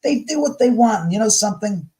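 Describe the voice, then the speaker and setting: Fast and high-pitched, this middle-aged man chats as a guest, swearing freely and speaking bluntly. He often performs the voices of people he quotes, captured on a rough recording.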